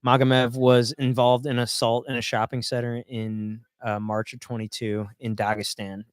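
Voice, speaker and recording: A man's voice: medium pitch, flat delivery, normal speed, clear, resonant tone, dry recording. A man co-hosting a casual podcast, chatting and laughing while watching fights and reading out fighter bios. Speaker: podcast co-host.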